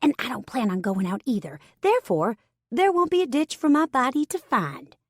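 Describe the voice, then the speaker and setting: A woman narrator voicing a blunt, oddball woman mortician coworker in an audiobook, pitched high and deadpan. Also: normal speed, no room sound, studio quality.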